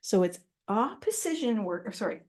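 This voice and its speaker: A woman's voice: mid-range voice, big pitch swings, moderate pace, darkish tone. A woman teaching a Pilates class, giving step-by-step cues, encouraging the class, laughing often and correcting herself. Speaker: Pilates instructor. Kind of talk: guided exercise class instruction.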